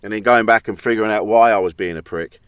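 A man's voice: on the low side, fast talker, fairly bright tone, clear, resonant tone, no room sound, studio quality. A man, a comedian and podcast guest, telling personal stories openly and often quoting himself. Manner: open, anecdotal, quotes himself often. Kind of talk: casual conversation.

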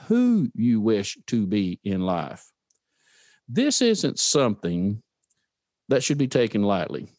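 A man's voice: mid-range voice, a little mellow, no room sound, studio quality. A man hosting a motivational podcast, speaking earnestly, telling stories and putting questions to the listener. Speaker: podcast host. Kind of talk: motivational talk.

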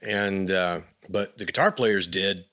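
A man from West Texas with a very low voice talks as an interview guest. He drifts through his memories in a meandering, reflective way. The sound is dry and close, with no room around him. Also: a little slow, bright, forceful tone, dry recording. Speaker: musician guest. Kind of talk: casual interview chat.

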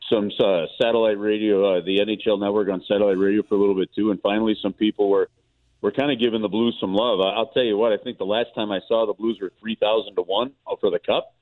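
A man's voice: fairly low pitch, quick pace. Chatty man on a tinny phone line. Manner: chatty, repeats words, animated storyteller. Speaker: team play-by-play broadcaster, guest. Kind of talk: casual phone-in chat, storytelling. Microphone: phone call.

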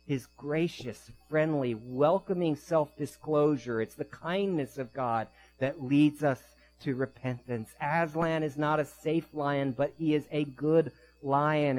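A male pastor delivers a sermon, telling vivid stories in quick bursts, then slowing into soft, quiet emphasis. His pitch is fairly high, and the rough recording carries slight background noise.

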